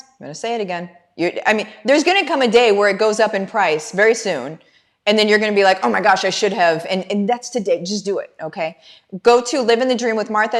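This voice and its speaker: Middle-aged female coach hosting a live stream, fervent and preachy, speaking straight to her audience. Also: lowish voice. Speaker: business coach and livestream host. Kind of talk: motivational livestream talk.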